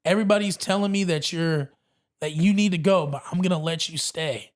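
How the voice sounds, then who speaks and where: A man guest on a podcast, telling a story in a casual, animated way and acting out what others said. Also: fairly high pitch, fairly quick. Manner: animated, acts out quotes, says bro a lot.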